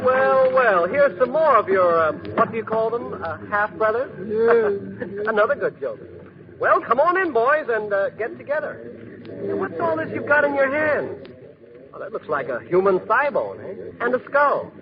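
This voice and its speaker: A fearless wisecracking young hero. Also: male voice, very high-pitched, very animated, normal speed. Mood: joking. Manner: breezy, wisecracking, slangy. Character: fearless cocky young man who can't be scared. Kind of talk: 1940s radio acting. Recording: dull hissy old radio recording.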